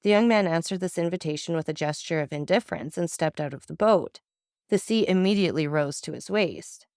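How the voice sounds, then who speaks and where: A woman narrating a classic novel as an audiobook reader, telling it in a steady, even way. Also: lowish voice, brisk, no echo, studio quality.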